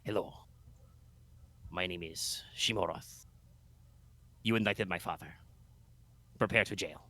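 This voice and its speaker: A man voicing a smug, sharp male lawyer who grills a witness with a put-on Spanish accent. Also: low-pitched, measured pace, dry recording, voice pushed down, exaggerated voice. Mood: mock-dramatic. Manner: cocky, pithy courtroom grilling.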